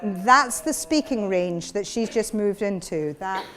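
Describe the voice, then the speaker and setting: A woman's voice: medium pitch, animated, unhurried, a bit bright. A woman leading a voice workshop for a live audience, explaining and demonstrating sounds as she goes. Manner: demonstrative, breaks into sound demos. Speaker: vocal coach. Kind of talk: workshop lecture with live voice exercises.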